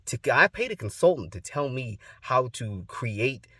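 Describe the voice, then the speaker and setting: A man voicing his excited, proper elderly grandfather, who asks eager questions. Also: medium pitch, a little slow, husky, no echo, voice pushed up, heavily acted. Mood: curious.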